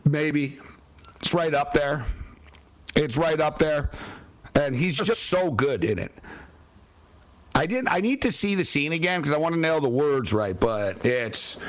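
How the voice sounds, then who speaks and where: A man hosts a sports radio show with an animated, slightly high voice. He chats casually and rambles, filling gaps with loose asides. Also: a little slow, pauses often. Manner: rambling, laughing easily, lots of fillers. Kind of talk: casual chat.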